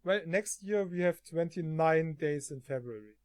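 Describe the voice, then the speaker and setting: A man streaming from home, chatting casually, often halting and laughing. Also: on the high side, animated, smooth, no room sound, clean studio sound.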